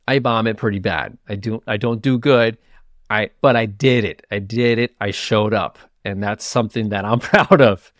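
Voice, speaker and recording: A man hosting his own podcast, telling a personal story in a casual, animated way, laughing at himself and stumbling over quick restarts. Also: medium pitch, no echo, studio quality. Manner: animated, self-mocking, quick bursts with stammered restarts. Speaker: podcast host.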